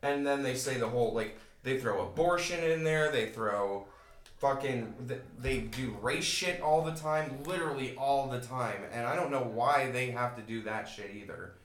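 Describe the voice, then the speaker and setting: A man's voice: mid-range voice, normal speed, a bit bright, reverberant. A man co-hosting a podcast in casual chat, blunt and swearing, often repeating himself. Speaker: podcast co-host.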